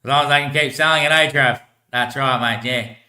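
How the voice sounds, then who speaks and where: A man rambles in loose, slangy talk, swearing freely and breaking into laughs. His voice is bright and sharp at a middle pitch. The room around him echoes. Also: steady tone, brisk. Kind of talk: rambling casual monologue.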